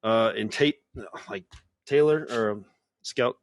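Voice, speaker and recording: A man co-hosting a podcast, chatting casually with blunt, joking remarks. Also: lowish voice. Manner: joking, blunt, quick reactions. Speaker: podcast co-host. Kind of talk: casual chat.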